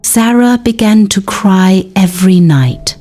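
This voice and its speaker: A woman narrating a dark folktale in a dramatic, deliberate storytelling manner. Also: mid-range voice, soft background music.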